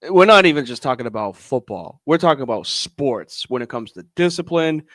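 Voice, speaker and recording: A man co-hosting a casual sports podcast, animated and often exasperated. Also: medium pitch, brisk, dry recording, clean studio sound. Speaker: podcast co-host.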